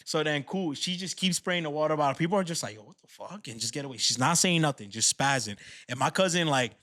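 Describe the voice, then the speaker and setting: A young man tells a rowdy story on a podcast, slangy and animated, often breaking into laughter. His voice sits a little high for a man. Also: fast talker. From New York City. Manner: animated, laughing storyteller who acts out quotes. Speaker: podcast co-host. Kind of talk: casual storytelling.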